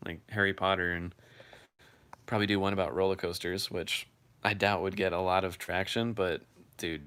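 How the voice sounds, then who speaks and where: Low-voiced man casually chatting. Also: creaky, sharp tone. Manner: loose and swears freely; reads viewer comments aloud and replies. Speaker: livestream host answering viewer chat. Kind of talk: casual live chat.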